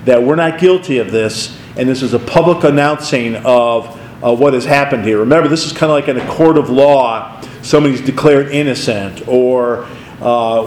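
A man teaching a Bible study as a pastor, conversational and animated, telling stories with asides. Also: mid-range voice, echoey room, a little hiss or hum, rough recording.

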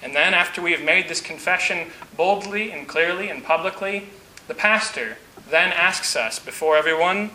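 A pastor preaching a sermon in an earnest, measured way, slowing down for emphasis. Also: male voice, sits high, bright, forceful tone. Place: church. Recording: echoey church with faint hiss.

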